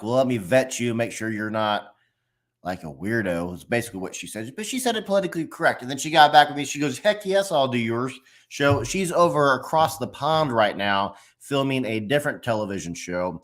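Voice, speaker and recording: A man's voice: mid-range voice, a bit bright. A man hosting a casual live-stream chat, talking to viewers and reading their comments aloud with plenty of fillers. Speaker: host of a live stream show.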